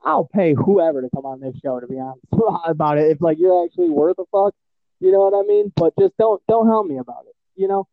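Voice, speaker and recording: A man's voice: a little high, lively intonation, a little fast, no room sound, narrow, tinny audio. A man from Michigan with a Midwestern American accent, hosting a podcast in casual, profane, rambling chat full of fillers. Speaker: podcast host.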